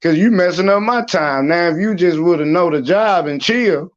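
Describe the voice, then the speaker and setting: Guy telling funny stories, kinda high voice, laughing a lot, dull muffled audio. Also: moderate pace. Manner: animated storytelling, acting out quotes, laughing. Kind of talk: casual chat on a live stream.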